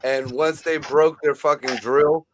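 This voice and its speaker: A male co-host in a casual livestream chat, slightly higher-pitched than most men. He swears freely and talks in an excitable, conspiratorial way. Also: a little slow, rough recording. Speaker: podcast co-host.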